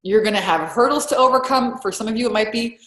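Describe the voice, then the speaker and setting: A woman business coach hosting a live group call. She sounds upbeat and effusive, and her pitch leaps when she gets excited. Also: fast talker, reverberant.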